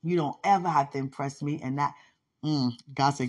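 A woman's voice: deep voice, normal speed. A woman hosting a spiritual podcast, talking fervently to her listener and breaking into frequent laughter and exclamations. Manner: laughs often, exclaims and testifies with rising fervor. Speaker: podcast host.

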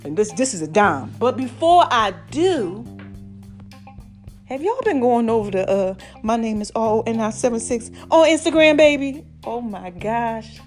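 Hyped woman podcast host, higher voice. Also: normal speed, faint music behind. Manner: hyped, expressive, laughs often. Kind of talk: casual podcast monologue.

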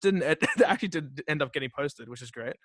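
A young man talks in a loose, hesitant way, filling gaps and letting phrases fade. His voice sits a little high. It is recorded close and dry. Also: animated, no echo. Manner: halting, filler-heavy, trails off quietly. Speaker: podcast guest. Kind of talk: casual chat.

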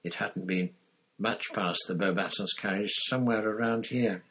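Low, husky man narrating a story. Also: moderate pace, poor audio. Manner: steady narration with small slips and restarts. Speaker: audiobook reader.

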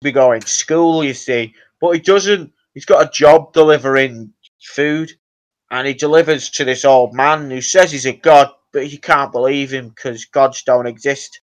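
A young man on a casual podcast, excitedly retelling a film plot in a rambling way. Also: medium pitch, a little slow. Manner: rambling, excitable storytelling with laughs. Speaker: podcast co-host. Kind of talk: casual chat.

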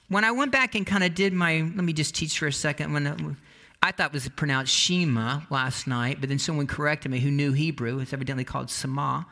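High, bright-voiced male preacher. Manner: conversational, animated storytelling with many restarts. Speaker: pastor. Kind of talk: sermon.

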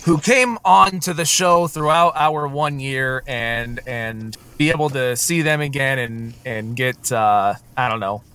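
Bright-voiced laid-back podcast host man. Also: medium pitch, a little slow, hardly any pauses, clear, resonant tone. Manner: rambling, laid-back, trails off. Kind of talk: casual group chat on a video call.

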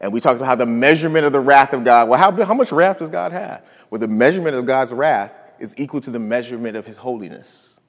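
A male pastor delivering a sermon, swinging between emphatic loud phrases and quiet asides. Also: medium pitch, expressive, quick pace, hardly any pauses. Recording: long reverb of a hall.

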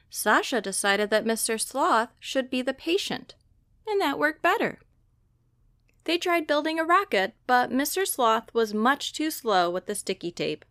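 A woman librarian reading a children's picture book aloud with slow, expressive delivery. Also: a little high, dry recording, studio quality. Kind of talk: storybook read-aloud.

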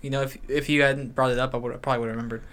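A young man chats loosely on a podcast with a middle-pitched voice, drifting through stories with a laugh ready and the odd curse word. He talks like he's among friends. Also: level tone, rapid-fire, a bit bright. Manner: laughs often, loose storytelling with swearing. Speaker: podcast co-host. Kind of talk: casual chat.

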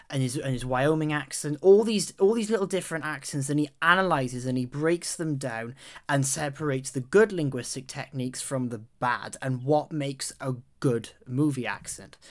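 Young woman, low voice, casual and analytical film commentator. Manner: thoughtful, analytical.

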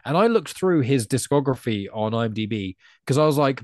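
A man's voice: mid-range voice, very animated, fairly quick, no echo, studio quality. An English man with a chatty, rambling way of talking, a guest on a casual podcast. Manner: chatty, rambling, self-correcting.

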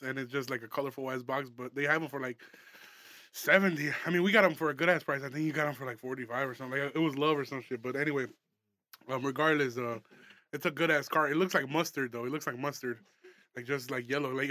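A man's voice: medium pitch, bright, forceful tone, dry recording. A young man hosting a casual comedy podcast, rambling, profane and laughing often. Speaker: podcast host.

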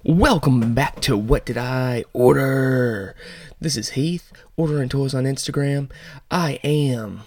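A man's voice: mid-range voice, a little slow, gravelly, darkish tone, dry recording, clean studio sound. A man hosting a casual podcast about toys, telling a joke and chatting playfully with listeners. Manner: jokey, self-deprecating, playful asides. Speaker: podcast host. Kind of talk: casual joke-telling and toy news chat.

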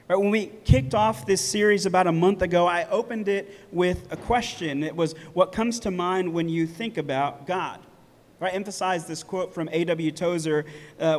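A man preaching a sermon in a relaxed, conversational way, often tagging points with "right?" and laughing lightly. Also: high voice. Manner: casual, conversational preaching with many "right?" asides. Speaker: pastor. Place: church hall. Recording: long reverb of a church hall.

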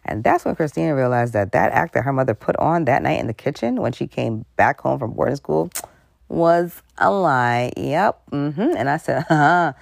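A woman's voice: a bass voice, moderate pace, creaky, no echo, studio quality. A woman host giving a frank, conversational commentary monologue, full of asides and acted-out voices. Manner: animated, conversational, frank, breaks into laughs and voices.

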